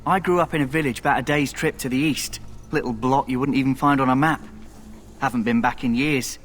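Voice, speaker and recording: A man's voice: medium pitch, steady tone, a little fast, a bit bright, slight background noise, close to an everyday voice. An actor voicing a cocky young male thief in video game dialogue, talking in a wry, breezy, self-mocking way.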